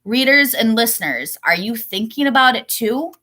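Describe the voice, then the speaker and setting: A woman's voice: on the high side, animated, normal speed, pushed and bright. A woman reading her own children's book aloud, breaking off into digressive, apologetic asides.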